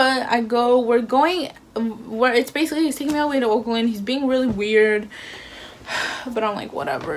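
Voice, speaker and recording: A woman's voice: on the high side, a little hiss or hum. A young woman telling a storytime with lots of slang and fillers, acting out the dialogue. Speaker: vlogger. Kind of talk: casual storytime.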